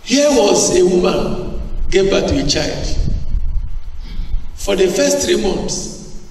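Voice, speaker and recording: A man preaching a sermon, animated, who often asks the congregation questions. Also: high-pitched, takes it slowly, vocal fry. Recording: echoey church hall, distant mic.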